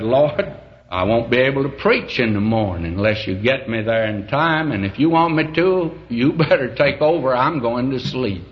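A man preaching a sermon, telling homely stories slowly and building to fervent emphasis, with a recurring "may I say to you". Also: mid-range voice, highs cut off. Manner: slow, folksy storytelling that swells to fervent emphasis; repeats the phrase "may I say to you".

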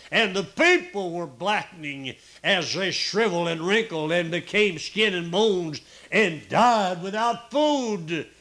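A man preaching a sermon in a folksy, unhurried way, pausing often with "uh" and repeating key points for emphasis. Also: a little high, a bit bright.

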